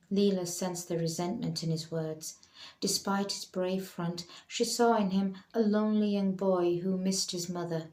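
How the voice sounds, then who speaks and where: Woman storyteller, calm, measured narration, roomy echo. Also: lowish voice. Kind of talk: scripted narration.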